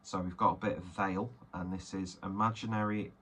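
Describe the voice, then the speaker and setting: A man's voice: low voice, fairly even intonation, moderate pace, hardly any pauses, a bit bright, a little hiss or hum. A man chatting casually and self-deprecatingly as he unboxes and reviews beers, rambling with many fillers. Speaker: beer reviewer.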